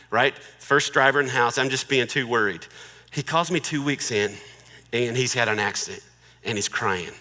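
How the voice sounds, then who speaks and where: A man's voice: mid-range voice, moderate pace, long reverb tail. A middle-aged man giving a humorous marriage talk in a joking, conversational way. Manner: joking, conversational, warmly persuasive. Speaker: marriage speaker.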